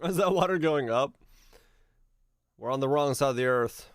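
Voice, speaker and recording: Puzzling over his location in a geography game, a male streamer chats loosely on a live stream, thinking out loud, laughing a lot, and cursing occasionally in a relaxed way. He speaks at a moderate pace with a smooth, resonant mid-pitched voice. The audio is close and dry, without any room sound.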